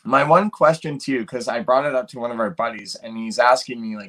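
Relaxed mid-pitched man telling stories. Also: fast talker. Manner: relaxed storytelling, many "like"s and fillers. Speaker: podcast guest. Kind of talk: casual chat.

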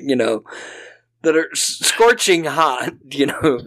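A man's voice: on the high side, slow pace. A man co-hosting a podcast, casually and animatedly riffing on a movie with some swearing. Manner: animated, swears, does mocking voices of characters. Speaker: podcast co-host.

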